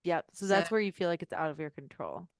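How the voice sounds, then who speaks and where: A woman's voice: lowish voice, big pitch swings, fast, no room sound, studio quality. A woman coaching clients on a group video call, upbeat and bubbly. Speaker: business coach.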